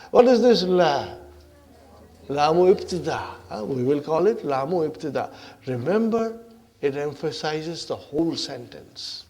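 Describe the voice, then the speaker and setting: During a classroom lesson on Arabic grammar, a man reads Arabic lines aloud and explains them in English. His voice is a little high and a little mellow, and he keeps checking in with "huh?" and "are you with me?".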